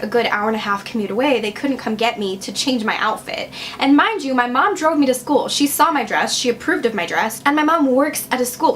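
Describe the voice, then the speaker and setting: Young woman vlogger from Wisconsin, slightly high voice, chatty and sarcastic storyteller. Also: fairly bright tone, slight background noise. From Wisconsin, USA. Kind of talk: storytime vlog.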